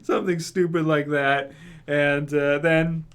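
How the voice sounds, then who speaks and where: A man's voice: a little high, fairly even intonation, a little slow, clean tone. Laughing, rambling English young man. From England. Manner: rambling, laughs often, many fillers. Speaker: YouTube reaction host. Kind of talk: casual video review.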